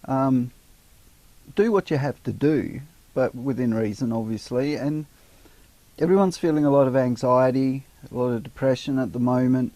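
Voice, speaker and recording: Aussie bloke chatting casual on a weekly show, self-mocking jokes, dry close mic. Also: male voice, mid-range voice, moderate pace, dark tone, no echo. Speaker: co-host of a weekly online chat show. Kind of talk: casual chat.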